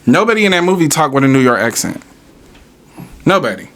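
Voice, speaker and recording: A man rants on his podcast in a fairly high voice. He is animated and profane, firing rhetorical questions and answering them himself. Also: fairly quick. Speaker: podcast host. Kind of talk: casual podcast rant.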